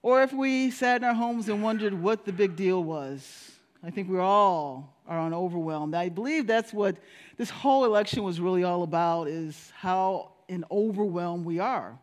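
A woman's voice: lowish voice, normal speed. A woman pastor giving a sermon in a storytelling manner. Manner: storytelling, with animated voices for quoted people.

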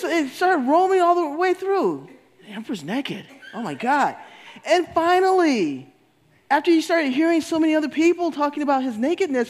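A man giving a spiritual talk, animated, often laughing and repeating words for emphasis. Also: very high voice. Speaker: spiritual speaker. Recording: long hall reverb.

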